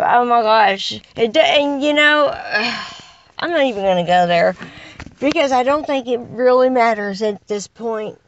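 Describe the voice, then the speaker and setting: A woman's voice: on the high side, dull audio. A woman delivering an impassioned, exasperated monologue full of rhetorical questions. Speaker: caller addressing unseen listeners.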